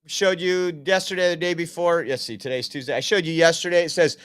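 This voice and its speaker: A man's voice: on the high side, fairly even intonation, a little fast, a bit bright, clean tone. A man hosting opinionated political commentary, reading quotes aloud and laughing at them mockingly.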